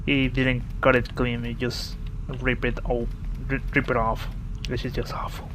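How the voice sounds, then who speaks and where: A man giving casual let's-play commentary, telling a story in a halting, rambling way with many restarts. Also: mid-range voice. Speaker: gaming video host. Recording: steady game noise behind voice. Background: video game sounds.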